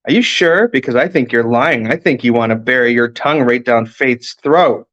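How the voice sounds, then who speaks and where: A man's voice: medium pitch, moderate pace, a bit bright, natural voice. A man voicing a boisterous preteen boy teasing his best friend, in a story read on a dull, lo-fi recording. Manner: cheeky, needling.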